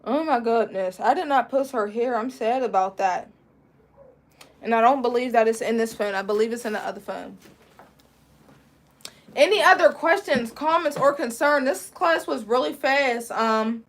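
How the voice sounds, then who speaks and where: High-voiced young woman teaching braiding live. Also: a little slow, pauses often. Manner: casual, chatty, answers viewer questions while working. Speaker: braiding instructor. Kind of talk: live-streamed hair braiding class.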